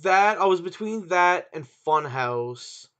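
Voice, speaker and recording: A man's voice: high-pitched, expressive, slow pace, a bit bright, clean tone. A man co-hosting a casual podcast chat, hesitant and searching for words. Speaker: podcast co-host. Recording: dull lo-fi sound.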